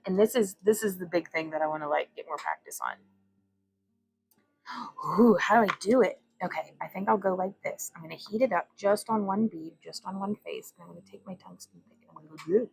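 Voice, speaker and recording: A woman's voice: on the low side, creaky, slightly rough, poor audio. A young woman hosting a casual glass bead livestream from her home workbench, chatting and rambling as she greets viewers. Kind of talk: casual craft demonstration livestream.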